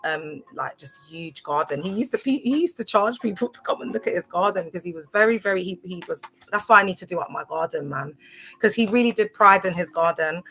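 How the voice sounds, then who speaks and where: A woman's voice: fairly low pitch, animated, fairly quick, a bit bright. A woman, chatting casually on a phone livestream, rambling with lots of fillers and talking straight to her viewers. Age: 30s. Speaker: livestream host. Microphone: phone camera on a social media livestream.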